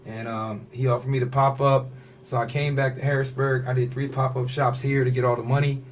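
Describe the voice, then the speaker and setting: A fashion designer on a podcast speaks briskly in a mid-range voice over slight background noise. He's an animated storyteller, telling a personal story in casual slang and slipping into the voices of others to act out what they said.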